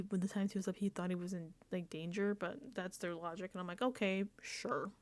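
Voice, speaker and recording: A woman's voice: mid-range voice, a little mellow, no room sound. A woman casually recapping a reality show episode, chatty and laughing often, sometimes dropping into whispered asides. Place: indoors, home setup.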